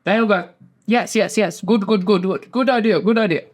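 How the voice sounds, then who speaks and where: Man, high-pitched, casual host, swears a lot, rambling recap. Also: normal speed. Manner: rambling, swears often, acts out quotes. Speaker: podcast host.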